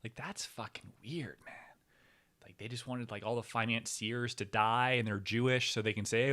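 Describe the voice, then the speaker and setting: A man hosts a comedy show in a loose solo monologue. His voice is bright and forward, and he rambles from one tangent to the next. He fills gaps with fillers and false starts. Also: mid-range voice, moderate pace. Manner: rambling, tangents, frequent fillers and restarts, sudden whispers. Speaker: podcast host.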